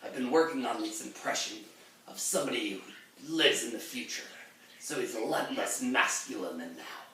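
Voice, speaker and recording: A man's voice: medium pitch, moderate pace, bright, forceful tone, slight background noise, lightly acted. A man playing a theatrical pirate captain, delivering his lines in a hammy, swaggering way. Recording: very echoey room, distant mic.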